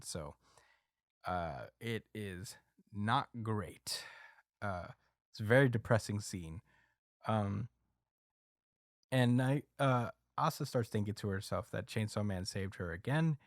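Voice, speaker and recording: A man hosting a podcast, casually recapping a story with lots of fillers and quick acted quotes. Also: on the low side, no echo, studio quality. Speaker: podcast host recapping a manga chapter. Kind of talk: casual chat.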